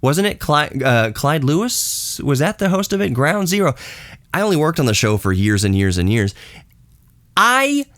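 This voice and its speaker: A man in his late thirties hosting a podcast. He rants in a casual, blunt and sarcastic way, and his voice leaps high in disbelief, then drops low for asides. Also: big pitch swings, normal speed, fairly bright tone, no room sound, studio quality. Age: late 30s. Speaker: podcast host. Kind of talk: casual ranting monologue.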